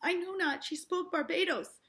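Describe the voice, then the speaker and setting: A woman reading aloud and voicing a scheming teenage girl accused of witchcraft, speaking high and pleading. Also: moderate pace, a bit bright. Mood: defensive.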